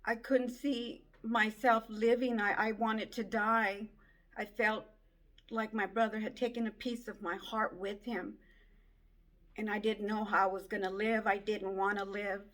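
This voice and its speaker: A woman giving an emotional personal testimony, speaking in a halting, tearful way. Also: medium pitch, little pitch movement, a bit bright. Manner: slow, halting, tearful storytelling.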